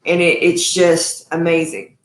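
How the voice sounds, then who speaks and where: A woman's voice: lowish voice, level tone, a little slow, reverberant. A woman hosting a live cooking stream from her home kitchen, chatty and effusive, calling her viewers y'all. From Texas. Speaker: cooking show host.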